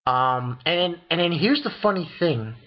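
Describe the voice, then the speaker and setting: A man casually recapping a manga chapter, excitable and profane, with many restarts. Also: on the high side, moderate pace, dull audio. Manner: excitable, swears, retells dialogue with many restarts. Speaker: manga reviewer.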